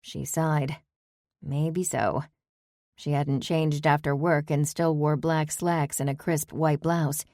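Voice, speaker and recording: A woman narrating a novel in measured storytelling. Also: low voice, little pitch movement, a little mellow, no room sound, clean studio sound. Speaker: audiobook narrator. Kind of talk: scripted narration.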